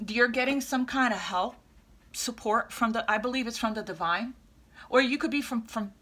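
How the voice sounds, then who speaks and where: A woman's voice: a little high, a bit bright. A woman tarot reader speaking casually to her viewers, rambling with many restarts and fillers.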